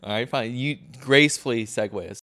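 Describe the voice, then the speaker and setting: A man's voice: medium pitch, brisk, sharp tone. A young man co-hosting a podcast, talking casually in a rambling, self-deprecating way with many restarts. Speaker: podcast co-host. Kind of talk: casual chat.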